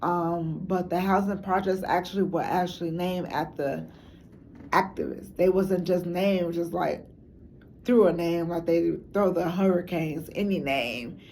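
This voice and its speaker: A woman with a Chicago accent rambles frankly about her city in loose street slang. Her voice sits low and carries a gravelly edge, with a mellow, dark tone, and a faint hiss runs underneath. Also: unhurried. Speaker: documentary interviewee. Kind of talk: casual talk to camera.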